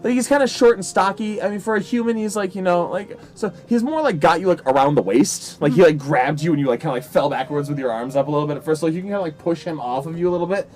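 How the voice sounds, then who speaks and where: A man's voice: a little high, fast talker, hardly any pauses, a little mellow. A man narrating and running a tabletop game as game master, rambling with many fillers.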